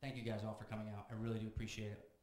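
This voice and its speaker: A young man performing a stand-up comedy set on a club stage, rattling off lists and building to loud rants. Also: fairly low pitch, monotone. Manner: rapid-fire, builds to shouting rants. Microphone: handheld stage mic. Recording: echoey club room, audience noise. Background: audience laughter.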